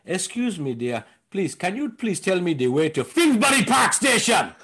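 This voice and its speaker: A man mimicking a woman who asks for directions sweetly and grows loud by the end. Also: high-pitched, very animated, normal speed, slightly rough, voice pushed up, heavily acted. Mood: pleading. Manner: starts sweet, ends shouting.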